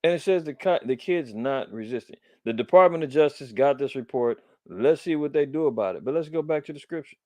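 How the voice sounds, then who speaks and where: Middle-aged guy from LA, fired up commenting on the news, preachy when he reads scripture, dry close sound, middle pitch. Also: expressive, brisk, few pauses, darkish tone, no echo. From Los Angeles. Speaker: host of a religious commentary show.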